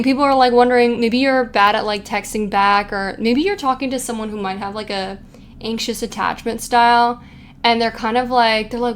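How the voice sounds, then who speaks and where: A young woman with a voice on the high side leads a casual pick-a-card tarot reading at a moderate pace. She giggles and chats, reads quotes aloud, and slips in playful asides, with slight noise in the background.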